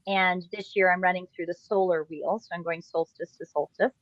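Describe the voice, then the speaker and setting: A woman's voice: fairly low pitch, steady tone, a little fast, no echo, lo-fi sound. A woman co-hosting a podcast, explaining spiritual practice in a reflective, chatty way. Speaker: podcast co-host. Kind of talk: casual podcast conversation.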